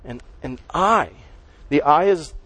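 A man's voice: on the high side, expressive, takes it slowly, fairly bright tone, dry recording, low-quality recording. A man preaching a sermon as pastor, stressing and repeating key words as he teaches.

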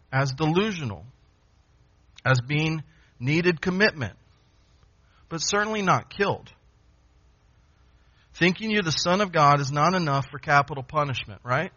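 A man delivers an expository sermon in a bright, forceful voice that sits a little high. He presses his points with repetition and rhetorical questions, and the recording sounds dull and lo-fi. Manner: emphatic, repeats phrases and asks rhetorical questions. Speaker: preacher.

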